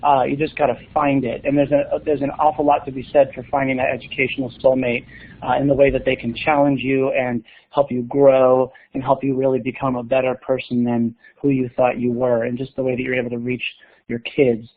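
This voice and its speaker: A man's voice: mid-range voice, flat delivery, brisk. A man, a school librarian, presenting on a webinar in an upbeat, enthusiastic, joking way. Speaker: school librarian and podcast host. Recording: tinny phone-like line.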